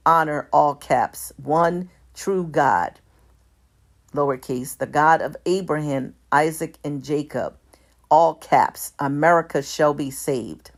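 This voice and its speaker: A woman reading a document aloud in a measured, deliberate way, speaking even the formatting marks and pausing to correct herself. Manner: reads out formatting marks like "all caps" and "lowercase"; measured, deliberate delivery with small self-corrections. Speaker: commentator.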